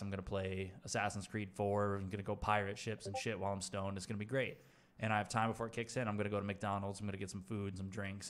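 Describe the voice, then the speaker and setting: A man's voice: lowish voice, a bit bright. A young man casually telling a long rambling story on a stream, swearing freely and laughing at himself.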